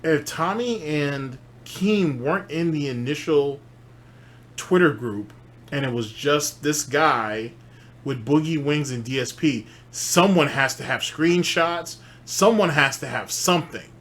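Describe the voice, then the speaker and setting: A man's voice: fairly high pitch, measured pace, a bit bright. A man hosting a reaction show, musing aloud about a clip with many restarts and filler words. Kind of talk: reaction commentary.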